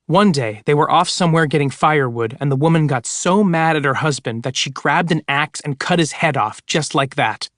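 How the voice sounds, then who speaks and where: A man's voice: on the high side, normal speed, few pauses, a bit bright, dry recording, clean studio sound. A man narrating an audiobook of scary stories with dramatic storytelling. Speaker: audiobook reader.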